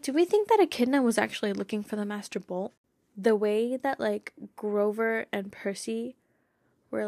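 A woman's voice: mid-range voice, a little mellow, no echo, studio quality. A woman hosting a casual fan podcast, bubbly and giggly, rambling with lots of "like" and "you know.". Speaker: podcast host.

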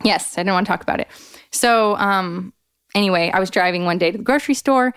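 A woman in her thirties tells a personal story, smooth and clear in tone, in a dry close-miked sound. She talks earnestly and animatedly, filling her sentences with "like" and jumping in pitch when she acts out what others said. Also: fast talker, dry recording. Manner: animated, acts out quoted voices with big jumps in pitch; frequent "like" fillers, earnest and expressive. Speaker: podcast guest, author. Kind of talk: candid storytelling in a conversation.

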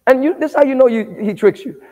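High-voiced male pastor preaching in a hall. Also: fast talker. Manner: call-and-response preaching, asking the congregation to answer back; builds to shouted emphasis. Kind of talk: sermon. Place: church sanctuary. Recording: long reverb of a church hall.

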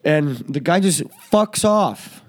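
A man hosting a podcast, telling a story to friends in a casual way, swearing and laughing often and jumping into loud, high voices when he quotes people. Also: animated, takes it slowly. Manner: profane, laughing often while he tells the story. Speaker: podcast host.

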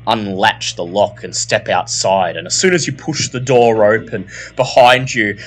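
A man narrating a horror tabletop game as game master, in unhurried, descriptive tones. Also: on the low side, fairly even intonation.

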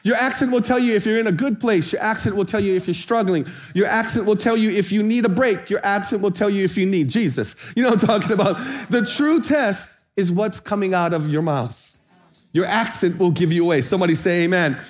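A high-pitched man preaches with lively, playful energy. He calls out to the congregation for responses and jokes his way through the sermon. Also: a little fast. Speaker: pastor.

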